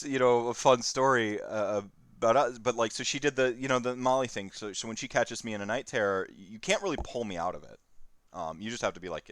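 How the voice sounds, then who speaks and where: A man in his thirties, a stream host, telling a candid personal story in a rambling, halting way with many fillers. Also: on the low side, a bit bright, no room sound.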